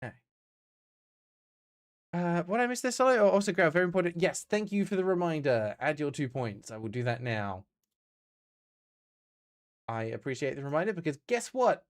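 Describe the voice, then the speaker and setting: A man's voice: on the high side, big pitch swings, moderate pace, long pauses. An Australian man streaming games, chatting casually and answering his chat as he plays.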